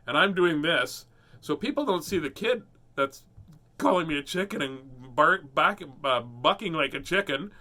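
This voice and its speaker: A middle-aged man casually telling a personal story and then reading a picture book aloud, animated and chuckling often. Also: on the high side, normal speed. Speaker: host reading children's books.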